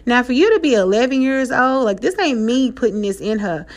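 Animated high-voiced woman telling a story. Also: a little fast. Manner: animated, swearing, laughing often, loud high outbursts. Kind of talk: casual storytelling vlog.

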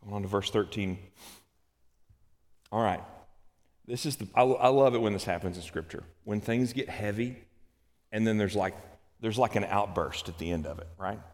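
A man preaching a sermon, swinging between hushed, slow scripture reading and loud, urgent outbursts. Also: on the low side, big-room sound. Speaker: pastor.

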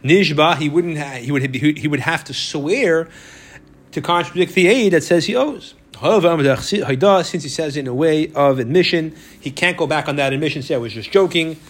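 Guy teaching talmud, yiddishy words, kinda high voice, keeps restarting his sentences. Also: normal speed. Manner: explains step by step, repeats words, restarts often. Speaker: Torah teacher. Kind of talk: Talmud class lecture.

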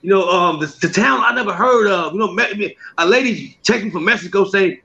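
A man's voice: sits high, a little fast, hardly any pauses. A man who makes comedy skits, talking casually in an interview and acting out the voices in his stories, laughing often. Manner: animated storyteller, acts out quoted voices, laughs often. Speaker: comedian and skit maker. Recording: slightly muffled lo-fi sound.

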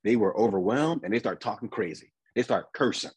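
Husky-voiced man preaching a sermon. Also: on the low side, lively intonation, a little mellow, no echo, poor audio. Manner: repeats and restarts words, reads scripture slowly. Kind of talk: conversational sermon.

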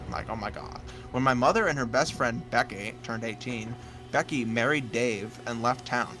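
A man of ordinary pitch reads a scary story aloud on a casual comedy podcast. He trips over words, restarts lines and laughs his way through the telling. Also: moderate pace, over music, poor audio. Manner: stumbles and restarts, laughs mid-sentence. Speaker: podcast co-host.

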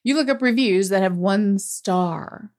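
A woman's voice: medium pitch, a little slow, darkish tone. An American woman co-hosting a casual movie review chat, wry and teasing, laughing easily. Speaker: podcast co-host.

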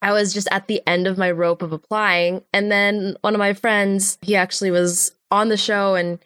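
Picture a young woman in her twenties recounting her early career in a relaxed interview. She tells it with animation and slips into playful voices for the people in her stories. Her voice sits at a middling pitch, and the recording is close and dry. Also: moderate pace, no room sound. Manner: animated, acts out quoted voices. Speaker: storyboard artist guest. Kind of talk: casual interview storytelling.

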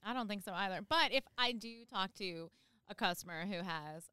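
A woman's voice: mid-range voice, normal speed, pushed and bright, clean tone, no echo, studio quality. A woman from Chicago who works at a bank, chatting playfully and laughing often. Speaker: bank worker. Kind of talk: casual chat.

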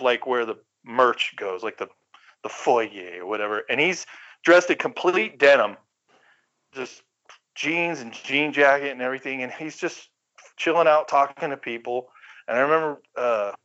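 A middle-aged man from the Bay Area, a guest telling stories casually, animated, swearing freely and acting out quoted voices. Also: mid-range voice, fairly quick. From San Francisco Bay Area. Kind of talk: casual storytelling. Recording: slightly dull lo-fi recording.

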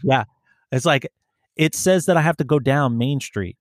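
A man's voice: medium pitch, dry recording, clean studio sound. A man who works as a police officer, telling profane stories in casual chat and mimicking the people he deals with. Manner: profane storytelling, mimics people in quick put-on voices.

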